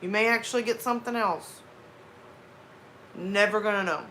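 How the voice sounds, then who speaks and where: Reading her live chat on a livestream, a Southern woman in her thirties chats casually and wanders into asides in her Southern US accent. Her mid-range voice is a bit bright and steady in tone, at normal speed. A little hiss or hum is audible.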